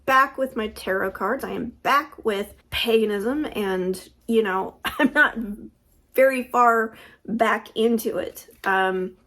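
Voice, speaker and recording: A middle-aged woman from the United States, talking reflectively in a personal tarot vlog with frequent pauses. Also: fairly high pitch, fairly bright tone. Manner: unhurried, thoughtful, with frequent pauses. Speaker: tarot vlogger.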